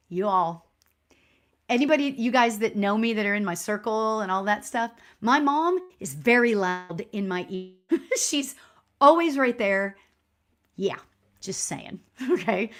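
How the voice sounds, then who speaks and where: Chatty woman giving a live psychic reading. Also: fairly high pitch. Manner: chatty, filler-heavy, repeats "you know"; warm and encouraging toward viewers. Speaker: spiritual medium.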